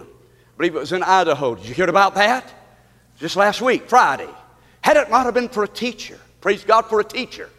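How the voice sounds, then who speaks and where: A man with a very high voice delivers a fervent sermon, leaning on call-and-response. His pitch leaps about with animated energy. A long reverb from the church sanctuary trails behind every phrase. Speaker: pastor.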